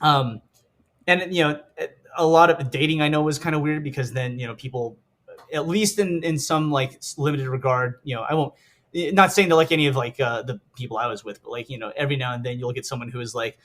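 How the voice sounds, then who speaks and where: A man's voice: mid-range voice, fairly quick, a bit bright. Rambling American man, casual interview. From Southern California. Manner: rambling, lots of fillers and laughs, acts out quoted people. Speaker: stuntman guest.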